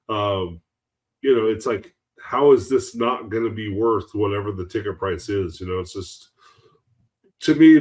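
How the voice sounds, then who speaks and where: A man co-hosting a wrestling podcast, speaking in a measured way with frequent "uh" and "um". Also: mid-range voice. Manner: measured, with filler words. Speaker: podcast co-host. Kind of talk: casual podcast chat.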